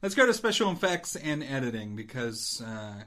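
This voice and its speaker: Male co-host, lively pitch, short dry quips in a casual movie chat. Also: normal speed. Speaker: podcast co-host.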